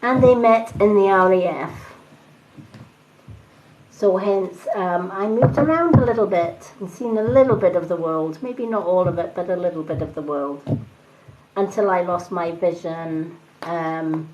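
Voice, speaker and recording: Speaking at a measured pace in a fairly low pitch, this woman reads tarot cards on a live stream, chatting away and thanking those watching. Her accent is Scottish blended with other British influences. Audio quality is dull and lo-fi with a faint hiss of noise.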